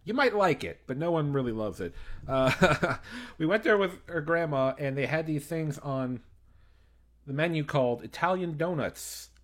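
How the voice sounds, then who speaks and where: A man's voice: fairly high pitch, moderate pace. An American man hosting a casual chat, telling stories with swearing and frequent laughter. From United States. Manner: animated, swearing, laughing storyteller. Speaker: podcast host.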